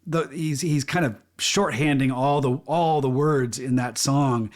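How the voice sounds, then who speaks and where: A man's voice: mid-range voice, unhurried. A man co-hosting a podcast, chatting casually about a film with lots of restarts and enthusiasm. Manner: rambling, frequent restarts, enthusiastic. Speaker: podcast co-host.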